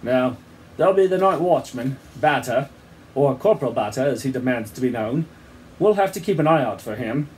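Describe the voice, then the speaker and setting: A man voicing a brisk, commanding old great-uncle in a read-aloud story. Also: medium pitch, expressive, a little mellow, slight background noise, close to an everyday voice.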